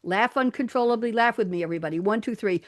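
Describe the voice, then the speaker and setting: Talking fast in a slightly high voice, this older woman hosts live talk radio through a studio microphone. Quotes and poems get a playful, theatrical reading from her, punctuated by frequent laughter.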